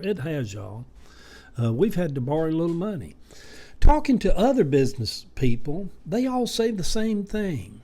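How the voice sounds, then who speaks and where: An older man in his seventies talks straight to his viewers, drifting from one story to the next. His voice sits a little high for a man, and he fills his pauses with plenty of ums and uhs as he rambles on in a homespun way. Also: very animated, warm tone. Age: 70s. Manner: rambling, folksy storytelling with many fillers. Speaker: vlogger. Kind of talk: casual monologue.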